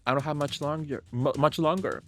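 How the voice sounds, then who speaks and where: A man's voice: fairly high pitch, a bit bright, soft background music. A man reading as a solemn ghostly father. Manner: earnest, slow reading with occasional stumbles. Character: dying ghostly father, middle-aged man, solemn and loving.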